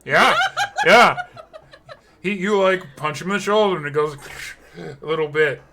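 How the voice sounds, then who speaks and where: A man runs a tabletop game as game master. He rambles slowly through descriptions, stacking up fillers and laughing as he goes. His voice is a little high and bright. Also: vocal fry, slight background noise.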